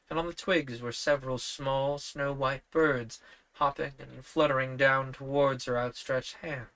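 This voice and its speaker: A man reading an old novel aloud on a stream, narrating in an unhurried, measured storytelling manner. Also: medium pitch, a bit bright.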